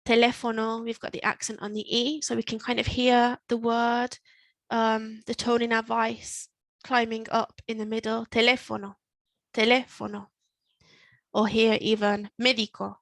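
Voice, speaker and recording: Woman, Spanish teacher, patient and slow, fairly high voice, steady and flat in tone, dry close sound. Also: vocal fry, dry recording. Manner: patient, explains step by step, repeats words slowly. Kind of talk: online language lesson. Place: in Spain.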